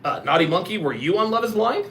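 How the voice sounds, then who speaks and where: A man's voice: high-pitched, lively intonation, fast talker, fairly bright tone, slight background noise. A man hosting a live reaction stream, joking crudely, laughing often and reading chat aloud. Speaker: host of a dating-show reaction stream.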